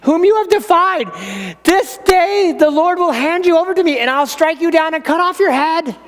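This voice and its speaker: A man voicing a small, defiant boy hero in a high, odd voice, proclaiming his speech. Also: a bit bright, exaggerated voice. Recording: long reverb in a hall.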